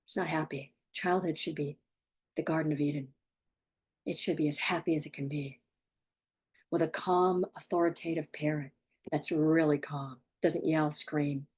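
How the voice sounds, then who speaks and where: A woman's voice: low-pitched, steady tone, moderate pace, a little mellow, slightly rough. A woman parenting coach giving blunt, emphatic advice straight to the viewer, repeating points for stress. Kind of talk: direct advice monologue.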